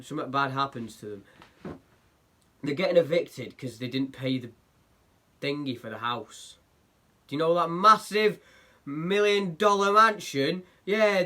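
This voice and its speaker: A man's voice: on the high side, sharp tone. A young man hosting a casual online news roundup, blunt and sarcastic in his remarks. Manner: blunt, sarcastic, mocking impressions. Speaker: news show host.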